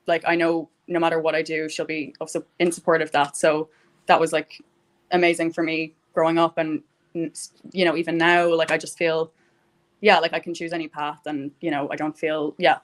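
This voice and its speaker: A young woman talking warmly about gratitude in a casual conversation, rambling with many fillers. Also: low-pitched, flat delivery, brisk. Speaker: guest.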